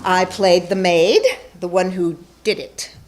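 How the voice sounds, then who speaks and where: Lady doing live storytelling on a theater stage, playful and poking fun at herself, voice sits a bit low. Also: fairly even intonation, slow, faint music behind. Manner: playful, self-mocking comic delivery.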